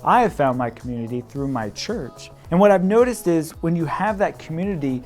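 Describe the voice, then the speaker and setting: Midwestern man in his 30s, casual vlog advice, jokey and animated, a bit high-pitched, faint music underneath. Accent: Midwestern American. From Midwest, United States. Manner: playful, laughing, quick swings in pitch and loudness. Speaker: realtor vlogger. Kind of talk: casual direct-to-camera advice.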